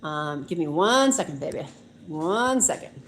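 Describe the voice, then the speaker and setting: A woman's voice: sits low, expressive, a little slow, a bit bright. A woman, hosting a live stream from home, chatting casually and reading viewer comments aloud in a gushing, talkative way. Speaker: host of a live weight loss stream. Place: room at home. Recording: echoey room, faint noise.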